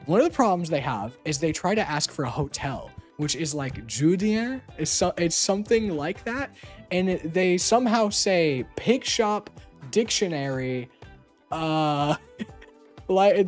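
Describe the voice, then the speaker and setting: A young adult streamer talks in a loose, casual chat, teasing and laughing often and swearing now and then. The pitch swings widely up and down while staying in a middle register. Faint music plays quietly underneath.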